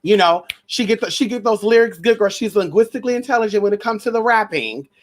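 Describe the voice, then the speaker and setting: A woman vlogger in a casual, profane gossip rant, brash and sassy, full of pet names and shout-outs, sometimes jumping into a shrill, mocking high voice. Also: fast talker, slight background noise. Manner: mocks others in a shrill high voice.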